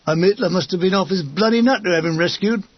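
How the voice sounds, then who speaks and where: A man voicing a grumbling army gunner in a storybook reading, loud and indignant. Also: high-pitched, fast talker, no room sound. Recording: dull lo-fi dry recording.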